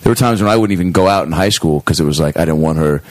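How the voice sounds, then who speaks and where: A man's voice: extremely low pitch, rapid-fire, darkish tone, dry recording. A man hosting a casual podcast at home, telling rambling stories full of restarts. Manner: rambling, self-interrupting anecdotes. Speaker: podcast host. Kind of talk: casual storytelling.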